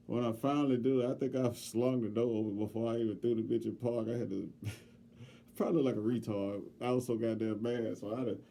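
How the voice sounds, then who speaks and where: A middle-aged man co-hosting a podcast, telling a story in casual chat with heavy profanity and lively, loud swings when he quotes himself. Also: lowish voice. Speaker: podcast co-host.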